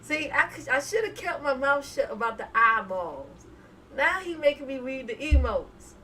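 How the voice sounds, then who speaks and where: A woman's voice: high-pitched, big pitch swings, moderate pace, pushed and bright, distant mic, slight background noise, poor audio. A woman hosting a casual live stream, chatting and laughing as she reads viewer emotes aloud. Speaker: reaction streamer.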